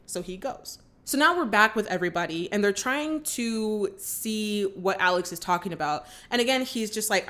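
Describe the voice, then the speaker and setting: A woman's voice: medium pitch, moderate pace, a bit bright. Woman recapping a movie on her channel, super chatty, lots of like and you know, gets fired up scolding the characters. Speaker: movie reaction vlogger.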